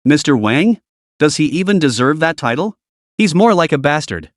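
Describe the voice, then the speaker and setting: Man as cool young hero, calm, earnest, smug. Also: on the high side, normal speed, no room sound, clean studio sound.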